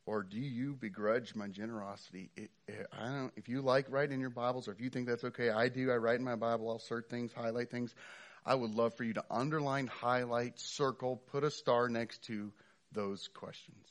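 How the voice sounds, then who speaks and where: A middle-aged man delivers a sermon in a loose, conversational way. He uses plenty of fillers and restarts sentences. His voice sits in a mid-range male pitch. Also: fairly even intonation, normal speed. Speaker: pastor.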